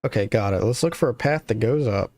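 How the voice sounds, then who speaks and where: A woman pitching her voice well down to play a laid-back young male ghost, deadpan and wry. Low and even, with soft game music underneath. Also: fast talker, natural voice.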